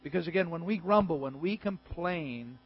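A man preaching a sermon as a pastor, animated and emphatic with joking asides. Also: fairly high pitch, moderate pace, slightly rough. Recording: dull, dry recording.

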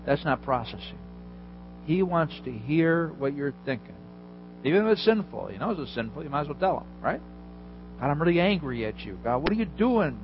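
A man's voice: medium pitch, muffled recording. Man preaching a conversational sermon. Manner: conversational, vivid storytelling with asides to listeners. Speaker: pastor.

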